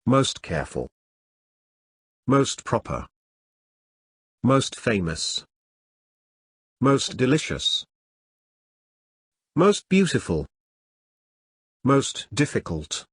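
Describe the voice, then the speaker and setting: Brief: male textbook reader, deliberate lesson read-through, lively pitch, dry close sound. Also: breathy edge, no room sound. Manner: slow, deliberate, word-by-word. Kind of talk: reading a school lesson aloud.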